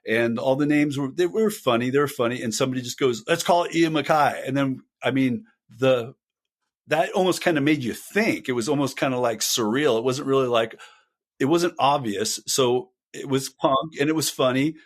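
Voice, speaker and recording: A man's voice: mid-range voice, moderate pace. An older man in a casual podcast chat, telling band stories in a rambling, self-deprecating way. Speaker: guest, punk band singer.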